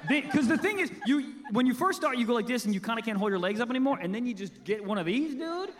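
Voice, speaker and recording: A man's voice: extremely high pitch, expressive, fast, crowd noise. A man co-hosting a live comedy podcast on stage, rambling through goofy, crude stories. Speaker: podcast co-host. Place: live stage show before an audience.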